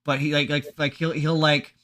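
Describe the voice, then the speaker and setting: A man's voice: on the high side, little pitch movement, normal speed, bright, forceful tone. A man co-hosting a podcast, chatting casually and rambling through movie plots with lots of fillers and restarts. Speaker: podcast co-host. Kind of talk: casual chat.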